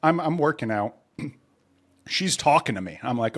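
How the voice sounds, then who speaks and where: Animated man telling a funny story. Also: on the high side, normal speed. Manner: animated, self-mocking storyteller who acts out quotes. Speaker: podcast guest. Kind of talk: casual storytelling.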